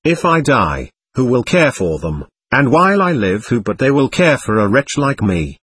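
A man's voice: mid-range voice, sing-song, moderate pace, fairly bright tone, husky, no echo. A man reading the part of a poor, defiant older captain who mocks himself with theatrical bitterness. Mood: mocking self-pity. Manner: bitter, theatrical, self-abasing.

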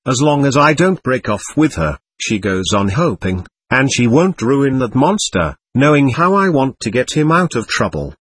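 A man's voice: medium pitch, very animated, normal speed, hardly any pauses, breathy edge. Man playing a bitter, contemptuous young man. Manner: irritable, contemptuous.

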